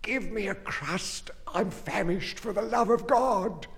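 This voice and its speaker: A man's voice: medium pitch, expressive, slow pace, fairly bright tone, big-room sound. A man voicing a dying, starved old wife who pleads faintly, in a dramatic poem recitation. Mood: desperate.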